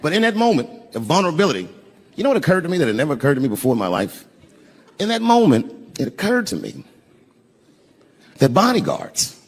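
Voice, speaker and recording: Older man, animated profane stand-up storytelling. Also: high-pitched, fast. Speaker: stand-up comedian. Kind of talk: stand-up routine. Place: large live arena stage. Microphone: handheld stage microphone. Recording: live recording with background noise.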